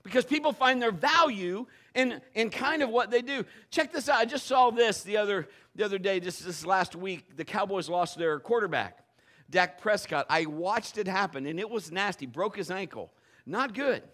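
Male pastor, high bright voice, dramatic storyteller who drops to a hush then shouts. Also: expressive, normal speed. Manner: acts out stories, swings from hushed to shouting. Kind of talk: sermon with personal storytelling.

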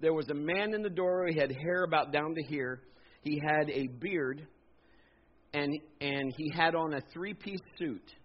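A man in his fifties preaching a sermon, telling a personal story in an animated, jokey way and acting out the voices. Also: on the high side, normal speed. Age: 50s. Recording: dull lo-fi sound.

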